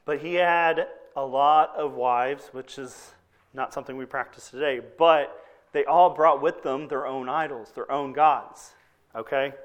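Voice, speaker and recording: A man's voice: mid-range voice, fairly even intonation, measured pace, muffled recording. A man preaching a sermon to his church in a conversational way, often checking in with the congregation. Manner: conversational preaching with frequent "okay?" check-ins. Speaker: pastor.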